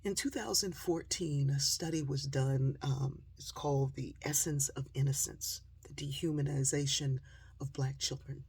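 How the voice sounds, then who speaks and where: Gravelly, husky woman telling a story. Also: very deep voice, normal speed. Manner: lively storyteller who acts out quoted voices. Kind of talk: storytelling straight to the audience.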